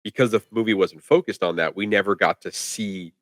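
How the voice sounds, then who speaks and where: A man co-hosts a casual movie-review chat, talking quickly and piling up "like" as he goes. His voice sits on the low side, and the recording is dry and close with no room sound. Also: a bit bright, no room sound. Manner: rambling, filler-heavy with lots of "like". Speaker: podcast co-host.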